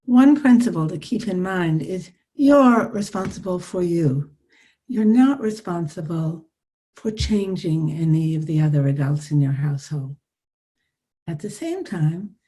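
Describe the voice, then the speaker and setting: Woman, older, psychologist, soothing, coaching, video call, warm tone. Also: fairly low pitch. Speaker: psychologist teaching a class. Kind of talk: live online workshop talk.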